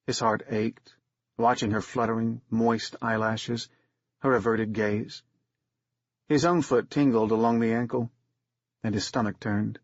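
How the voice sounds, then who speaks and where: A man narrating an audiobook in a steady, unhurried reading with a husky voice. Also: mid-range voice, no echo. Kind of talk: scripted narration. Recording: dull, muffled recording.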